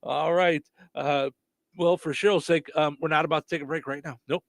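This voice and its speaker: A man's voice: on the high side, steady tone, brisk, creaky, dry recording. A man co-hosting a morning radio show, chatting casually, teasing his co-host and reading out listener messages.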